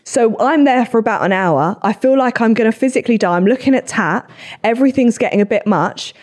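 A young woman, hosting a podcast and telling stories in casual chat, swearing freely. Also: on the high side. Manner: swearing, quick animated storytelling. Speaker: podcast host.

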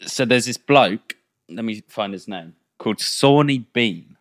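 Man, podcast co-host, rambling storyteller, lowish voice, dead dry sound. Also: animated, unhurried, dry recording. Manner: rambling, tells a story with lots of "right?".

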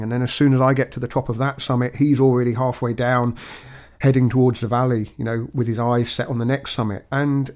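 A man co-hosting a podcast, talking in a measured, reflective way with frequent restarts. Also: mid-range voice, flat delivery, darkish tone. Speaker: podcast co-host.

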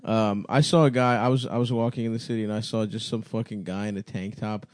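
A man co-hosting a podcast with crude, teasing banter and quick laughs. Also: lowish voice, steady tone, no room sound, studio quality. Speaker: podcast co-host. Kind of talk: casual comedic chat.

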